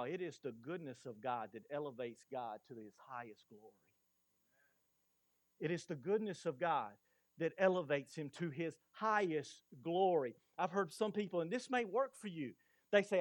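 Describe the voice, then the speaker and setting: A man preaching a sermon as pastor, lively and quizzing the congregation. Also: on the high side, normal speed, dry recording.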